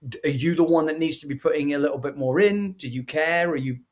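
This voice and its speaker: A man co-hosting a casual film review podcast, enthusiastic and quick to agree. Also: a little high. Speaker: podcast co-host.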